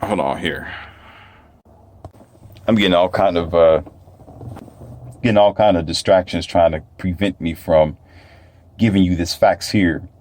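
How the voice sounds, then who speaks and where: Low-pitched and darkish, his delivery is unhurried and full of pauses. The speaker, a talk host who self-publishes books, wanders through a preachy, casual monologue on his own, sometimes turning up the volume to ridicule doubters he imagines.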